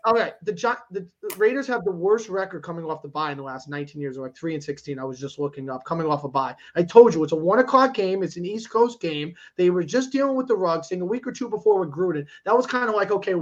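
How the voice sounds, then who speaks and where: A man's voice: high voice, quick pace, hardly any pauses, lo-fi sound. A man co-hosting a sports talk show, argumentative and emphatic, often cutting in with "listen" and "bro". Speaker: sports podcast co-host.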